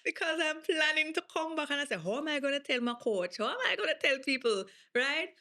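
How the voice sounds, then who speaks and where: A Jamaican woman speaks as an interview guest with a bright, forceful tone. She tells her story with energy and emphasis, often slipping into patois. She sounds like she is in her thirties. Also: high-pitched, fairly quick. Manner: animated, emphatic, slips into patois. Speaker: guest athlete.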